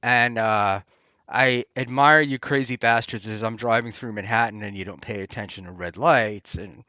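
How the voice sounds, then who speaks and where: A man hosting a casual talk show, rambling and halting with many ums and restarts. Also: fairly low pitch, pushed and bright, no echo. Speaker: podcast host. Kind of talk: casual chat. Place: Hoboken area, New Jersey.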